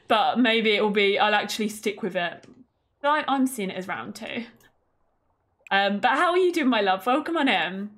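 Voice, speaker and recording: A woman streaming a game and chatting loosely to her viewers. Her talk is playful and jokingly outraged, with an ordinary middle pitch. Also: a bit bright. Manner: chatty, playful, mock-indignant, greets chat. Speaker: gaming streamer. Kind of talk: casual gameplay commentary.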